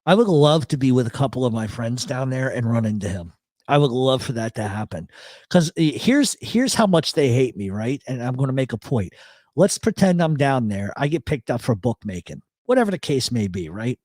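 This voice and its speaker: A man hosts a live chat show, swearing freely as he spins stories and answers the chat. His voice sits in an ordinary middle pitch. The sound is dry and close, with no room around it. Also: normal speed, no echo. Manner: profane, storytelling, animated. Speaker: radio show host.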